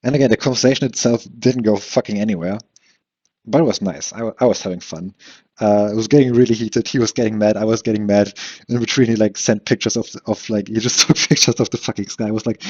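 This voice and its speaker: A man's voice: on the low side, fairly even intonation, fast talker, darkish tone, husky. Young man rambling on a lo-fi podcast. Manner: rambling, with frequent fillers, restarts and laughs; swears casually. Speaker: solo podcast host. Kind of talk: rambling solo podcast monologue.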